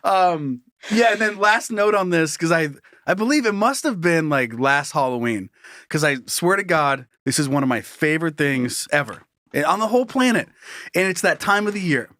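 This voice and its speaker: A man's voice: on the high side, expressive, normal speed, a bit bright, dry recording, studio quality. Giggly man riffing on a podcast. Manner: laughs often, acts out silly voices. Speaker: podcast co-host. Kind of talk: casual comedic chat.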